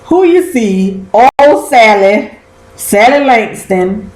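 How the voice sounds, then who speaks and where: A woman's voice: fairly high pitch, expressive, slow, a little mellow, echoey room, low-quality recording. A woman chatting casually about a TV episode, slangy and cussing as she acts out quotes. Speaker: vlogger recapping a TV episode. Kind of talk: casual chat.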